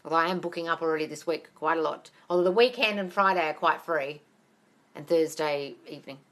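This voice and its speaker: This is a woman running a live question-and-answer stream as a manifestation coach, speaking into her phone. Her voice is bright and forward, and she stays upbeat and encouraging. She calls her listeners "darling" and swears freely in a casual way. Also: low-pitched, brisk. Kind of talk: live-stream Q&A, reading viewer comments. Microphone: phone camera.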